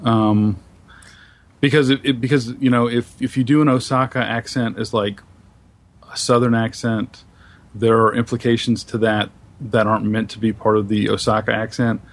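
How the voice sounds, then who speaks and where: A man on a podcast panel, speaking thoughtfully and hesitantly with many pauses and ums. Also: on the low side, little pitch movement. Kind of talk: casual panel discussion.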